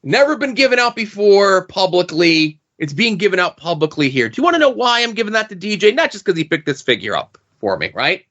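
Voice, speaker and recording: A man co-hosting a podcast in casual chat, telling stories in an animated, profane way. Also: high voice, brisk, hardly any pauses. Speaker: podcast co-host. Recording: dull lo-fi podcast audio.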